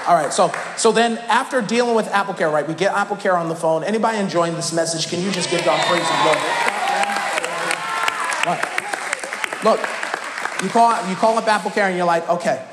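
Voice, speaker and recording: A male pastor telling a playful, animated story in his sermon, breaking into shouts now and then, recorded in a church. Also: high voice, brisk, long pauses, a loud crowd. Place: church sanctuary. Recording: echoey church hall with background noise.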